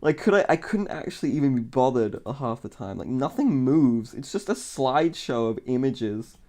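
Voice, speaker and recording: A man's voice: medium pitch, big pitch swings, normal speed, dark tone. A man streaming live, rambling in casual commentary, mocking himself, laughing often and swearing.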